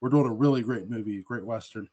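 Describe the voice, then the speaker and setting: A male podcast host in casual movie review chat, rambling and loose with his thoughts. His voice sits at an ordinary middle pitch. He laughs easily as he talks. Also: quick pace, warm tone, lo-fi sound.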